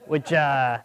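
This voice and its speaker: A young man from Long Island, doing a stand-up comedy set with a deadpan delivery. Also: medium pitch. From Long Island, New York. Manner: deadpan, mocking voices of others. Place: comedy club.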